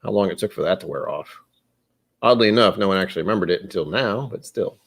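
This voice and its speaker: A man with a somewhat low voice talks his way through a live tasting session. He muses aloud and wanders off track, then gently pokes fun at himself. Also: fast, creaky, a little hiss or hum. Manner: rambling, musing, self-deprecating. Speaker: host of a whiskey tasting stream. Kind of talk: casual live-stream chat while tasting.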